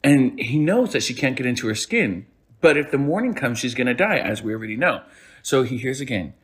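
A man's voice: medium pitch, sing-song, normal speed. A man hosting a podcast, telling a folk tale in a rambling, playful way. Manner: rambling, self-correcting, playful. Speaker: podcast host. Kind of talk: casual storytelling.

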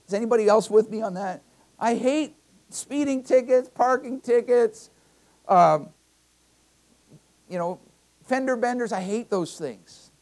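A man's voice: very high-pitched, measured pace, pauses often, darkish tone. Male pastor preaching a conversational sermon. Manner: conversational preaching with personal anecdotes; emphatic, repeats key phrases. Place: church.

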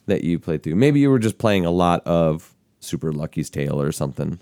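A man's voice: sits low, very animated, fairly quick, warm tone, clear, resonant tone, no echo, clean studio sound. A man hosting a casual family podcast, playful and teasing, asking his kids lots of questions. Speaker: podcast host and father.

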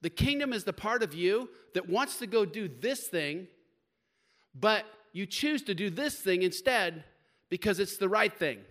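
A man preaching a sermon to young people, emphatic and conversational, swinging between loud stresses and quieter stretches, with casual slang. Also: high voice, lively intonation, unhurried. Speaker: pastor.

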